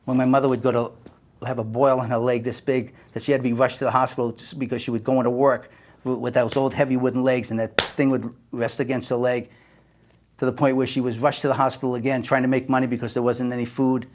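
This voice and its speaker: An older man from the United States speaking straight from the heart in an emphatic monologue. His voice sits at an ordinary middle pitch, and he moves between forceful bursts and quiet, hushed stretches. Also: level tone, fast. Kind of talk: impassioned personal monologue.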